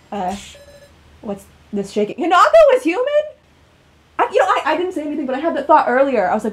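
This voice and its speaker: A woman commenting on a video game playthrough, reacting dramatically and excitably and laughing often. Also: sits high, fairly quick. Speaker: gaming video host. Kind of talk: let's-play reaction commentary.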